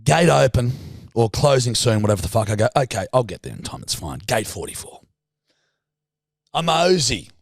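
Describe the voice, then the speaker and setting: A young Australian man co-hosts a podcast, casually telling a story with plenty of swearing and animated, acted-out dialogue. His voice is medium-pitched and a bit creaky at a moderate pace, captured in studio quality with no echo.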